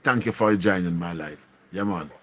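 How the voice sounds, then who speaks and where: A man's voice: sits low, normal speed, a bit bright. A man with a Jamaican accent hosting a casual live stream, greeting viewers and repeating slangy catchphrases. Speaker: livestream host.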